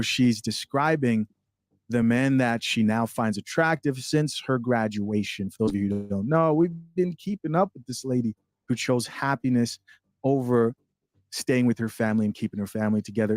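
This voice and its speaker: A man's voice: medium pitch, moderate pace, darkish tone, no echo. Sardonic man commentator, dry close sound. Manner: sardonic, emphatic. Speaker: commentary host. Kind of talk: scripted commentary intro.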